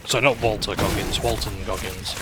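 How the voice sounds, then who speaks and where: A man's voice: on the low side, fairly even intonation, moderate pace, very noisy. A man hosting his gaming channel, chatting casually over gameplay in a rambling, hesitant way. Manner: rambling, hesitant, full of fillers.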